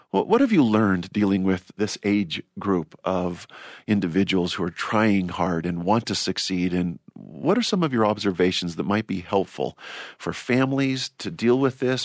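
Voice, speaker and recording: A man's voice: on the low side, dry recording, studio quality. A man hosting a church-themed panel discussion, telling stories in a reflective way and often restarting his words. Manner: storytelling, reflective, repeats words when starting. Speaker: host.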